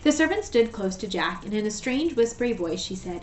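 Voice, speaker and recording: Teacher reading a storybook aloud, roomy echo. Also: female voice, mid-range voice, brisk, hardly any pauses, slight background noise. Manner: steady, gentle narration. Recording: echoey room, voice far from mic.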